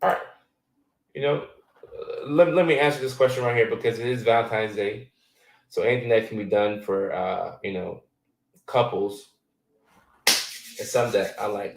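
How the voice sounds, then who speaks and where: A man's voice: on the low side, normal speed, creaky, pauses often, reverberant, recorded from a distance, poor audio. A man in his thirties, born in Ghana, hosting a casual live chat and answering viewer questions in a loose, filler-heavy way. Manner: loose and conversational, many fillers.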